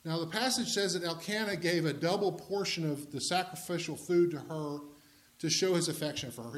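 A man's voice: fairly high pitch, fairly quick. A man preaching a sermon in a conversational way, with humorous asides to the congregation.

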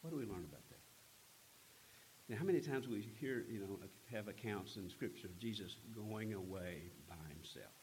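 A man preaching a sermon, retelling a scripture story in an earnest, unhurried way with frequent pauses. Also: fairly low pitch, expressive, darkish tone, slight background noise, low-quality recording. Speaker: pastor.

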